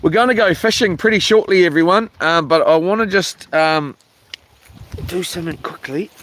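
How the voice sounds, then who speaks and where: A man's voice: sits high, moderate pace, a bit bright, a little hiss or hum. A man chatting casually outdoors at an island camp by the water, rambling in a laid-back way with lots of ums and slang, recorded on a handheld phone. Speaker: vlogger. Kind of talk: casual chat.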